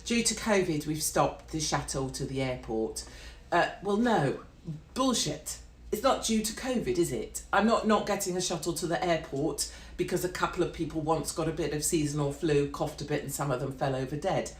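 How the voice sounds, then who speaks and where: A woman's voice: low voice, a little fast. Brash, sweary British woman ranting. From Britain. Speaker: live streamer. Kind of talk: ranting live-stream monologue. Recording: roomy echo.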